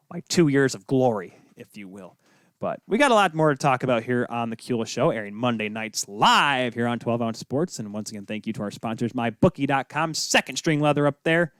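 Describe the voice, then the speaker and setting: A man's voice: medium pitch, a bit bright, smooth, dry recording, studio quality. A young man hosting a solo sports talk show, rambling off on tangents with self-deprecating asides, tired from little sleep. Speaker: podcast host.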